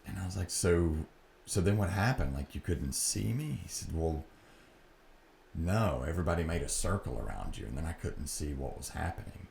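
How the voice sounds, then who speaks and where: A man's voice: deep voice, lively intonation, normal speed, creaky, darkish tone. A middle-aged man hosting a podcast, earnestly recounting a personal story and acting out the dialogue. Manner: earnest, reflective, re-enacts dialogue. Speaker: podcast host. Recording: echoey room with faint background noise.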